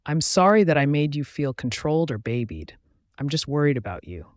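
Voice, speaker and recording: A man voicing a remorseful young male alpha werewolf, who speaks softly and earnestly in an audiobook. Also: a little high, big pitch swings, fairly quick, dry recording, clean studio sound.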